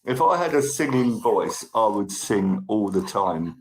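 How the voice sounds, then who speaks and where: In this low-quality recording, a livestream host chats casually with viewers, reads their comments and thanks them by name between tickly coughs. He speaks in a lowish, slightly mellow, sing-song voice at a measured pace.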